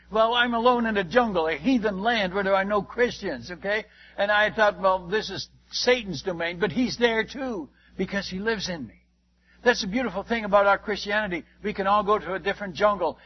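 A man in the role of a missionary preaches his testimony, building the story with emphasis and turning to ask his listeners direct questions. His voice sits high for a man and has a husky edge. The recording is dull and lo-fi. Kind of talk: testimony sermon to a congregation.

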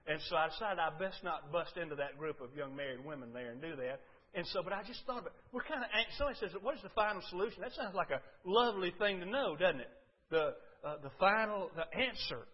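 An older male preacher, delivering a sermon that moves between loud, fervent pleas and quiet, low confiding talk. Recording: dull lo-fi recording.

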